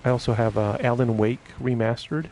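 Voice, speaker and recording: Gravelly-voiced man rambling on a stream. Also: medium pitch, little pitch movement, brisk, mellow, a little hiss or hum. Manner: rambling, laughs often, many fillers and restarts. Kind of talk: casual live-stream chat.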